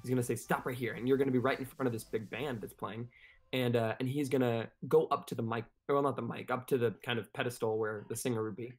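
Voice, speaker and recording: A man's voice: medium pitch, fairly even intonation. A man narrating an improvised tabletop game as game master, rambling with many fillers. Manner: rambling, filler-heavy, fast.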